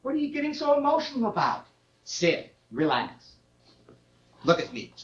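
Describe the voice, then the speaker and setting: Woman playing a fussy, soothing older dad. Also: moderate pace. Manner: coaxing, lively pitch swings. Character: gentle fussy older father, soothing and placating. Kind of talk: stage play acting. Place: theater stage. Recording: dull lo-fi roomy stage recording.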